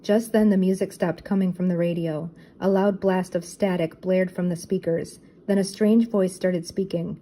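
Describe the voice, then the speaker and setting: A woman reading a children's chapter book aloud with steady, clear narration. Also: lowish voice, normal speed, hardly any pauses, rough recording. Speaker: storybook reader.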